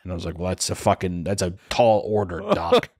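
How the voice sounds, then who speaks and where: A man's voice: low voice, a little fast. A young man co-hosting a podcast, telling a story in a casual, profane, comedic way and acting out the voices of the people in it. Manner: animated, profane, acts out quotes with screams. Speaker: podcast co-host.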